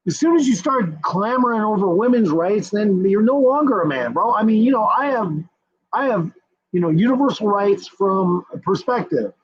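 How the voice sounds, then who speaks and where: A high-pitched, husky male voice ranting in a combative, foul-mouthed streamer commentary. He repeats his points again and again. The recording sounds dull and lo-fi. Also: expressive, normal speed. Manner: profane, combative, repetitive.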